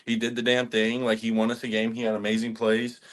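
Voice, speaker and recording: A man in his twenties, a college football lineman, telling lively stories with laughs and swearing as a podcast guest. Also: medium pitch, quick pace. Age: 20s. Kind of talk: casual podcast chat.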